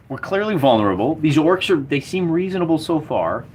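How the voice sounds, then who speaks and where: A man's voice: a little high, very animated, normal speed, slight background noise. A man casually talking through a solo tabletop game, enthusiastic and rambling as he rolls dice and checks tables. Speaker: solo wargamer running a game.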